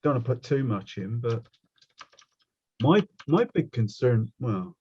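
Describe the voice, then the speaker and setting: Rambling West Country painting teacher. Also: male voice, mid-range voice, animated, a little slow, husky, lo-fi sound. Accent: West Country English. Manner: rambling, chatty, self-mocking. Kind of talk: casual online workshop teaching.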